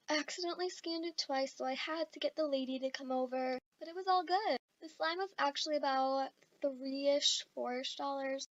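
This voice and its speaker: High-voiced woman rambling through a story time. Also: no room sound, dull audio. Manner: rambling and self-mocking, with fillers and swearing. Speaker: vlogger telling a story time.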